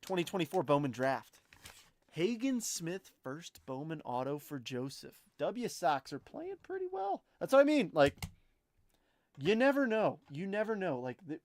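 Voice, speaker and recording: A young adult man hosting a live card break, giving chatty, excitable commentary and talking to viewers by name. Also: a little high, normal speed.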